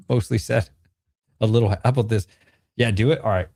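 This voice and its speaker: A man's voice: medium pitch, very animated, moderate pace, creaky, mellow, no echo, studio quality. A man in his thirties chatting casually with a live-stream audience while selling and opening trading cards, in a slangy, joking way. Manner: laid-back slangy talk, frequent "bro" and laughter.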